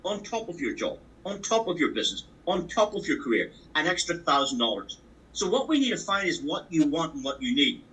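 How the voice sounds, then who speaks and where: A man's voice: fairly high pitch, big pitch swings, a little fast, pushed and bright, far from the mic, low-quality recording. A man giving a motivational training talk on a call, emphatic and repetitive, driving his points home with sports analogies. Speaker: business opportunity trainer. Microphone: call audio.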